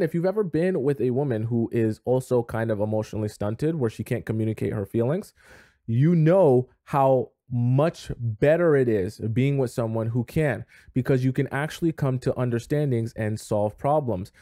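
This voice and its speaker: A man's voice: medium pitch, dark tone, no room sound, clean studio sound. A man giving relationship advice straight to his viewers in an emphatic, conversational way, acting out little scenes. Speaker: dating advice host. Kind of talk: direct-to-camera advice talk.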